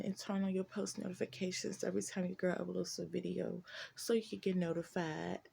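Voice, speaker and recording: Gravelly-voiced woman telling a storytime. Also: medium pitch. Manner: profane, animated storytelling, addresses viewers as y'all. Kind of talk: casual storytime vlog.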